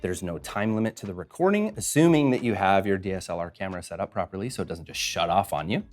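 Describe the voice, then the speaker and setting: A podcasting instructor hosts a tutorial, chatting through a screen-share walkthrough in a deep, animated, slightly mellow voice. He stays upbeat and drops quick jokes along the way. His podcast mic runs through a mixer.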